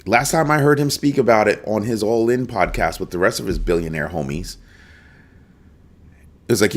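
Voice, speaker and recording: A man with a very low, deep voice hosts a live crypto stream. He talks in an emphatic, animated way and calls out to viewers in the chat as he goes. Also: normal speed, pauses often. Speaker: crypto show host.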